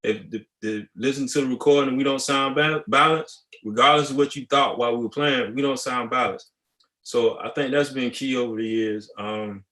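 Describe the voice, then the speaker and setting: A male high school band director giving a relaxed, conversational masterclass talk, acting out students' replies. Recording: echoey room.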